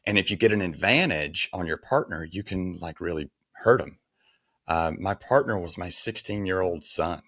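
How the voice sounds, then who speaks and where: A man's voice: deep voice, animated, moderate pace, a bit bright, breathy edge, dry recording, clean studio sound. A man in his forties, a podcast guest, telling a personal story in an earnest, frank, conversational way. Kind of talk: casual storytelling interview.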